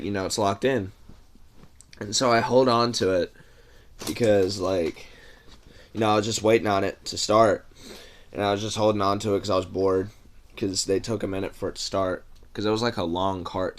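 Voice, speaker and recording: Young man, low-pitched, for a casual rambling storytime vlog with fillers and cursing.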